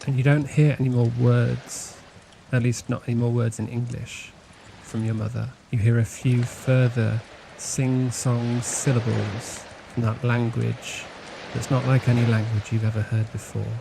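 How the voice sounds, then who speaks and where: A man narrating as game master of a tabletop horror game, in a measured, hesitant way. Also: mid-range voice, level tone, gravelly, noisy background.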